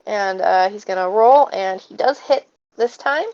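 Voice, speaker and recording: A woman's voice: medium pitch, a little slow, a little mellow. Hesitant woman game master, lo-fi mic. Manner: hesitant, many fillers. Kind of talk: narrating a tabletop game. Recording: dull lo-fi mic.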